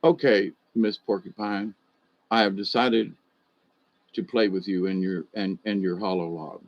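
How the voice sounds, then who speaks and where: An older man voicing a gruff, lonely old male bear in a told folk tale, low and subdued. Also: fairly even intonation, unhurried, muffled recording. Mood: rueful.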